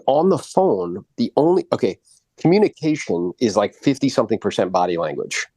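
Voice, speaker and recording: Lively, swearing man coaching in a dry room. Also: fairly low pitch, a little fast, husky, dry recording. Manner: animated, swears freely, acts out quotes in exaggerated voices. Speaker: real estate coach and podcast host. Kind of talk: live role-play coaching.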